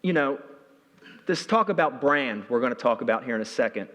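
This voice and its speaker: A man giving a conference talk, telling a story with energy, and his voice jumps high when he gets excited. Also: brisk, lo-fi sound. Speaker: keynote speaker. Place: large hall. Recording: reverberant hall.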